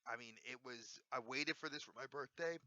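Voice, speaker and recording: Bright-voiced man in his forties. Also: mid-range voice, animated, a little slow, no echo. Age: 40s. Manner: enthusiastic, rambling with self-corrections. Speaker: toy collector host. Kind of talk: casual review chat. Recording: dry, slightly dull lo-fi sound.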